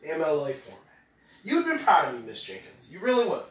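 A man playing a young male student giving slow, mock-serious excuses to his teacher. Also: fairly high pitch, huge pitch swings, distant mic, lo-fi sound, voice pushed down. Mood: solemn. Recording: roomy, away from mic.

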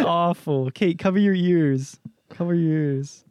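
A young man co-hosting a casual comedy podcast, telling a story in an animated way and laughing often. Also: high-pitched, a little slow, clean tone, dry recording, clean studio sound. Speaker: podcast co-host.

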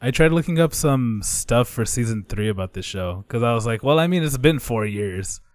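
A man in casual chat with friends, agreeable and quick to laugh. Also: mid-range voice, lively intonation, clean studio sound. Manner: agreeable, laughs often, echoes others. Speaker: podcast co-host.

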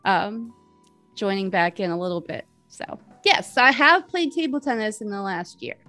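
A woman's voice: mid-range voice, moderate pace, pushed and bright, soft background music. A woman in her forties, an interview guest, chatting casually with lots of fillers and giggles. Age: 40s.

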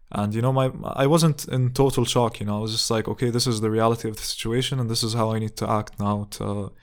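A man's voice: lowish voice, darkish tone. Earnest young man telling a story. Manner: reflective, earnest, many restarts and "you know"s. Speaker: podcast host. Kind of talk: casual storytelling monologue.

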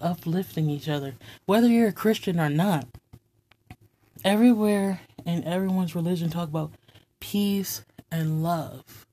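A woman hosting a heartfelt, faith-based talk segment, speaking earnestly and tenderly, often dropping into a soft whisper. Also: lowish voice, husky. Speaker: host of an inspirational talk segment.

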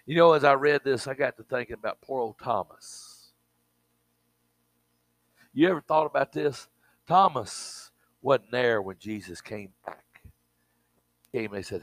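A man's voice: mid-range voice, normal speed, long pauses, dry recording, poor audio. A man preaching a sermon with emphatic delivery, repeating words and dropping in frequent amens.

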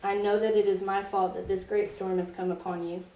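A woman's voice: medium pitch, little pitch movement, brisk, warm tone, slight background noise. Young woman, youth Bible study leader, casual and chatty, many "like"s; distant mic in an echoey room. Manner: chatty, filler-heavy storytelling with frequent "like". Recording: roomy echo from a distance.

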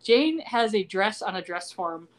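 A woman's voice: mid-range voice, unhurried. A woman hosting a podcast, recapping a TV episode in casual chat and acting out the characters' lines. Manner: animated storytelling, acts out quoted lines.

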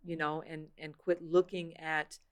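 A woman's voice: low-pitched, little pitch movement, measured pace, clear, resonant tone. A woman hosting a casual faith-based podcast chat, talking in an earnest, reflective way with many "you know" fillers. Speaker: podcast host.

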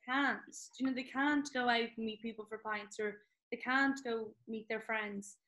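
An Irish woman hosts a podcast interview in a fairly high voice. She keeps the conversation easygoing and swears casually. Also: steady tone, normal speed, sharp tone, rough recording. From Ireland. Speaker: podcast host.

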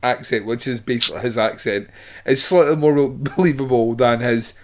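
Male co-host, mid pitch, laughs a lot, stammers in. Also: moderate pace. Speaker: podcast co-host. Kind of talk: casual film chat.

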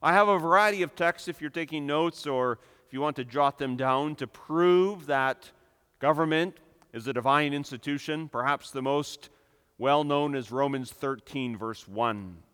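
A man preaching a sermon with emphatic delivery, building to loud, impassioned peaks. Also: a little high, normal speed, smooth. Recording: long reverb of a hall.

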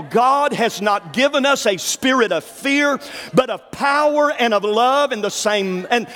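Fervent high-voiced male preacher. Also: animated, a little slow, in a large hall, some chatter behind. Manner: fervent, swings from low asides to shouted declarations. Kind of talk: sermon.

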